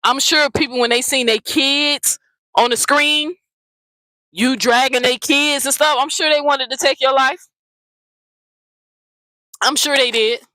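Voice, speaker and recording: A woman's voice: high voice, steady tone, a little slow, pauses often, bright, forceful tone, no echo, poor audio. Blunt, profane woman ranting, dry sound. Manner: blunt, profane, repeats herself. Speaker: commentary channel host. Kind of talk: heated casual commentary rant.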